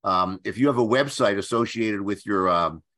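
Older man, from Philadelphia, bright voice, halting anecdotal storytelling, lots of restarts. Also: lowish voice. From Philadelphia area, USA. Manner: halting, with many restarts and fillers. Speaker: guest screenwriter.

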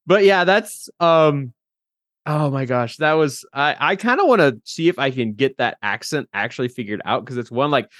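A man chatting as a guest on a casual podcast, animated and playful. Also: a little high, normal speed, dry recording, clean studio sound. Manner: animated and playful, laughs easily.

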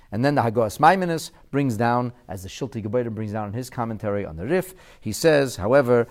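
A man in his forties teaching a Torah lesson, puzzling aloud and asking rhetorical questions as he explains the sources. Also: medium pitch. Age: 40s. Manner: animated, quizzical, asks rhetorical questions.

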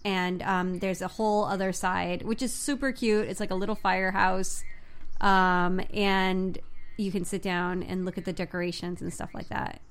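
A young adult woman chatting casually as a vlogger, animated and playfully mocking. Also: mid-range voice, moderate pace, smooth. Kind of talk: casual chat.

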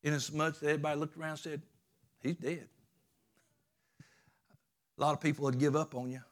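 A man preaching a sermon as pastor, emphatic and repetitive, swinging between loud urgent peaks and quiet low passages. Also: little pitch movement, rapid-fire.

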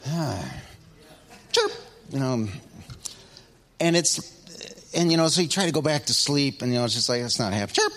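A middle-aged man preaching a sermon, telling a story with big swings between loud excitement and hushed asides. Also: medium pitch, moderate pace, long pauses. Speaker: pastor.

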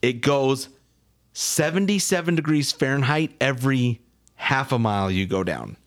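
An easygoing man chatting on a podcast, his voice sitting at a middle pitch and jumping higher whenever he argues a point. He talks casually and keeps the banter animated. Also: moderate pace. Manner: animated, jumps pitch up when excited or arguing. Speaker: podcast co-host. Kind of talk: casual chat.

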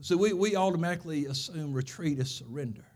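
A pastor preaching a sermon, telling stories and driving points home with repeated phrases. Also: male voice, on the high side, quick pace, a little mellow.

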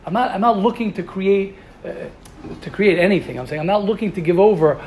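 Brief: high-voiced male rabbi, passionate and rambling, light noise behind. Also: fairly quick, darkish tone. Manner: passionate, repeats words and restarts often. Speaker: yeshiva rabbi. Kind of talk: informal Torah talk.

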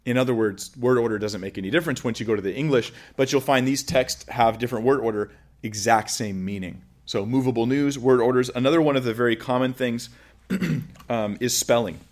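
A man's voice: medium pitch, brisk. A man giving an informal lecture, explaining with everyday examples in a conversational way. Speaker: teacher.

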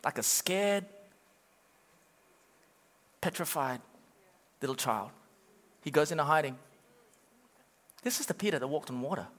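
A man's voice: a little high, measured pace, long pauses, long reverb tail. A male pastor preaching a sermon, urging the congregation on and acting out quotes. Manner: animated, urging the crowd, acts out quotes.

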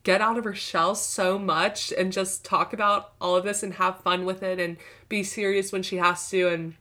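A young woman co-hosting a podcast in casual chat, speaking warmly and effusively. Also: mid-range voice, level tone, normal speed. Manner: warm, effusive, heartfelt. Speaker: podcast co-host.

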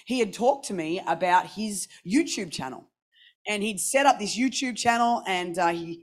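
A young adult woman preaching a sermon, telling a personal story and acting out the voices in it. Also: mid-range voice. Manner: animated, acts out voices in anecdotes.

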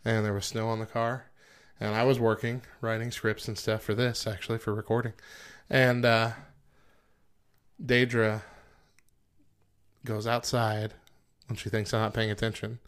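A man's voice: on the low side, level tone, a little slow, fairly bright tone, clear, resonant tone. A man in his thirties co-hosting a casual podcast chat, joking and laughing easily as he tells a family story. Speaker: podcast co-host.

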